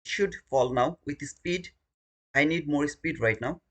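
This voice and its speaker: A man's voice: fairly high pitch, a little slow, a bit bright. A man streaming his day trading live, talking through the chart and alternately pleading with the market and scolding himself.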